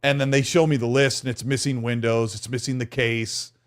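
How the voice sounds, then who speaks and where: A man's voice: mid-range voice, level tone, brisk. A man hosting a gaming podcast in casual chat, talking freely and reading out viewer comments. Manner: chatty, reads viewer comments aloud. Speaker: podcast host.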